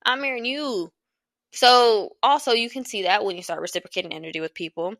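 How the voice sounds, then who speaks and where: Solo podcast host, woman in her twenties, bright and blunt, dry close sound. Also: on the high side, brisk, no room sound. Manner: blunt, profane, rambling with bursts of laughter. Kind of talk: casual solo podcast monologue.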